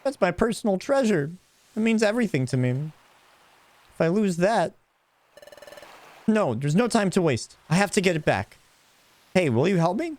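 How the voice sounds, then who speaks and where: Give me an eager young Pokémon hero, high and bright, as a man voices him. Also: sing-song, moderate pace, long pauses. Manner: eager, high-pitched reading.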